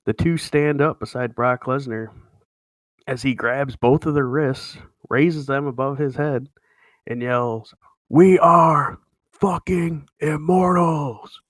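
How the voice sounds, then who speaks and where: A man's voice: medium pitch, steady tone, a little slow, dry recording. Laid-back man recapping wrestling results. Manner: play-by-play announcer delivery, easygoing. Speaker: podcast co-host running a wrestling promotion. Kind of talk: casual chat, recapping wrestling show results.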